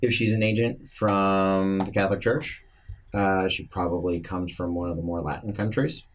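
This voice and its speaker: A man's voice: deep voice, fairly even intonation, normal speed, slight background noise. A man running a tabletop game as game master, explaining in a hesitant way with frequent restarts. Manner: hesitant, restarts while describing.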